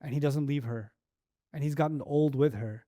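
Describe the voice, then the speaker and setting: A man's voice: a little high, moderate pace, warm tone, no room sound, clean studio sound. A man teaching a Quran lecture, telling stories with animation and asking many rhetorical questions. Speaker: Islamic teacher.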